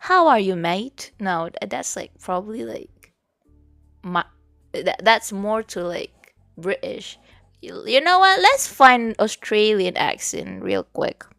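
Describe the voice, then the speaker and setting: A woman's voice: medium pitch, very animated, slow, gravelly, a bit bright, no echo, faint music behind. A woman streaming as a VTuber, chatting casually and giggling as she studies. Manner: chatty, mixes languages, giggly asides. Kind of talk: casual study stream chat.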